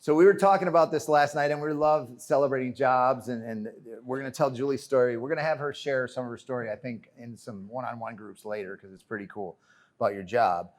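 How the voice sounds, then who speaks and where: A man gives a motivational keynote on a conference stage. He tells his story in an animated, joking way and keeps turning to the crowd as "friends." His voice sits at a middling pitch for a man. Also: a little fast. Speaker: keynote speaker. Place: conference stage before a live audience.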